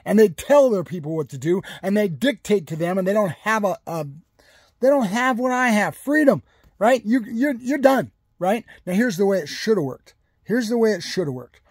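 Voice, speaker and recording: Furious high-voiced man ranting. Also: expressive, normal speed, breathy edge, no room sound, studio quality. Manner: heated, profane, repetitive and emphatic. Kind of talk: political rant to camera.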